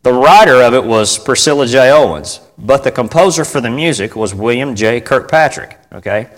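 In a reverberant hall, a man with a medium-pitched voice preaches at a moderate pace, teaching about church music. His informal sermon to the congregation is conversational, and he repeats phrases for emphasis and invites the audience to respond.

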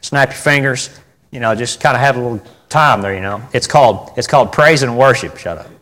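A man preaching informally to his congregation, chatty and direct, driving points home by repeating them and asking for an amen. His voice sits at an ordinary middle pitch. It rings with a long reverb, as in a church sanctuary. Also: fairly quick, fairly bright tone. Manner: conversational, repeats phrases for emphasis, asks the audience for responses. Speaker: preacher teaching on church music.

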